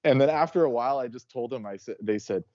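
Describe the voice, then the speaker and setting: A man's voice: mid-range voice, quick pace, darkish tone, muffled recording, slight background noise. A man co-hosting a casual podcast chat, rambling through stories with many fillers. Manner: rambling, full of "you know" and "like" fillers. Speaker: co-host.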